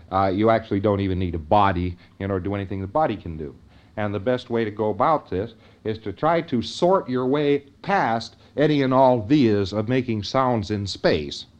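A man's voice: fairly low pitch, darkish tone. Man lecturing on a dull lo-fi recording. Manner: conversational, often checks in with "see?" and "follow me?". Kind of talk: informal lecture to an audience.

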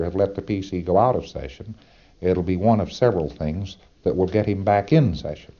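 Male lecturer, low and dark, folksy and emphatic with rhetorical asides, muffled old tape sound. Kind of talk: lecture to trainees.

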